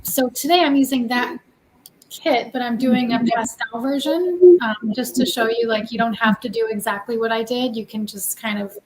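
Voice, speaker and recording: A woman calmly explaining a cookie decorating kit on a casual livestream. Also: fairly high pitch, rough recording. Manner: unhurried, explaining step by step. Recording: clear background noise with clicks.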